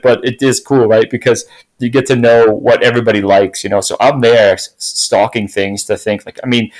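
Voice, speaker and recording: A man's voice: lowish voice, flat delivery, normal speed, poor audio. A middle-aged man chatting casually as a co-host, telling enthusiastic car stories with lots of fillers. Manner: enthusiastic storytelling, many fillers. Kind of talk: casual chat.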